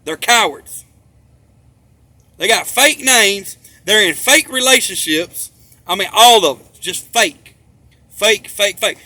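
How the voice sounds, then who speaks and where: A man with a high, bright, sharp-edged voice rambles through a monologue. He hammers his points home with profanity and repetition, returning again and again to the same phrases. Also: expressive, slow pace, pauses often, dry recording. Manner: emphatic, profane, repeats himself for stress.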